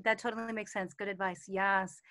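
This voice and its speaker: A woman teaching about intuition and calm on a live video call, chatty, with many fillers and acted-out quotes. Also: medium pitch, brisk. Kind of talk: casual talk in a live online session.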